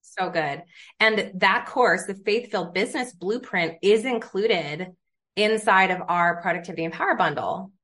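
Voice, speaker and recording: A woman's voice: mid-range voice, moderate pace, a bit bright. A woman hosting a faith and business podcast, talking in an enthusiastic, chatty way full of "like". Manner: enthusiastic, chatty, uses many fillers like "like". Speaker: podcast host. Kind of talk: casual podcast conversation.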